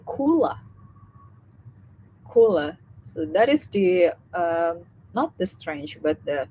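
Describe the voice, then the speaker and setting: Slow, hesitant Indonesian-accented young woman. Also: fairly low pitch, a little mellow, slight background noise, rough recording. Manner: hesitant, many fillers and restarts. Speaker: student speaker on a live session. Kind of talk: casual live talk.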